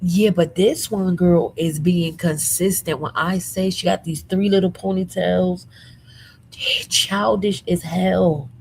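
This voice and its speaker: A woman hosting a casual commentary show from her room at home, sassy and animated with lots of slang, a little under the weather. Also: lowish voice, takes it slowly, vocal fry, slight background noise, low-quality recording. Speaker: commentary channel host.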